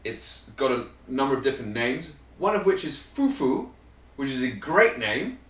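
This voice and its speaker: A man's voice: medium pitch, sing-song, normal speed, a bit bright, distant mic. A chatty man hosts his cooking show from a home kitchen, explaining ingredients in a loose, rambling way. His voice sits in a middle range and sounds roomy. It is picked up from a little way off the mic. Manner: chatty and rambling, joking about himself. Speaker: vegan cooking channel host.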